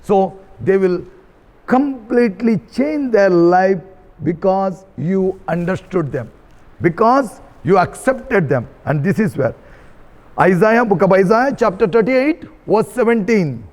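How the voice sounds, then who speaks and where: A Catholic priest preaches a sermon in a high male voice. He is earnest and repeats his key phrases for emphasis. His words ring out with a long reverb in a large hall. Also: animated, takes it slowly, a little mellow.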